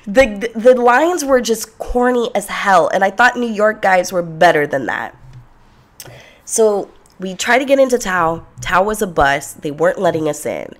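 Blunt, sarcastic young woman telling stories. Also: medium pitch. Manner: blunt, profane, sarcastic and animated. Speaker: vlogger telling a personal story. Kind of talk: casual storytelling.

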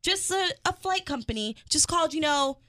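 A woman's voice: sits high, animated, moderate pace, pushed and bright. A woman hosting a radio chat show, brash and profane. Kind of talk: casual chat.

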